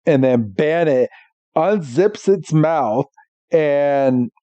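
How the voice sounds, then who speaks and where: A man with a fairly high, mellow voice tells the story of a cartoon episode in casual podcast chat, jumping into the characters' lines as he goes. The recording is dry and a bit dull, with no room sound. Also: extremely slow, no room sound. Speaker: podcast co-host recapping episodes.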